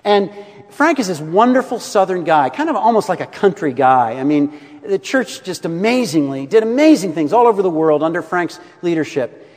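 A man preaching a sermon as pastor, expressive, swinging between rising emphasis and soft, quiet drops. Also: high voice, normal speed, long reverb tail.

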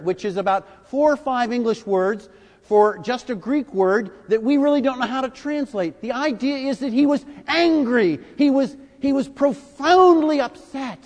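High-voiced older preacher. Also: male voice. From United States. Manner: deliberate and emphatic, with big swings in loudness. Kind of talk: sermon. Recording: echoey hall.

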